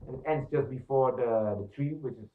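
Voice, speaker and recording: A man's voice: mid-range voice, a little fast. A man teaching percussion, explaining step by step with many fillers and counting beats aloud. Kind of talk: instructional demonstration. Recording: echoey room, distant mic, thin phone-like sound.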